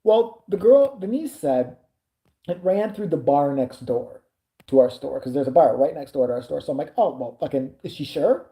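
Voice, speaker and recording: A woman with a low voice and a dark, mellow tone tells a rambling, foul-mouthed story to camera. Her pitch swings widely as she jumps between her own lines and the people she quotes. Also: moderate pace, roomy sound. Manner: profane, animated storytelling. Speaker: vlogger. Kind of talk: storytime anecdote.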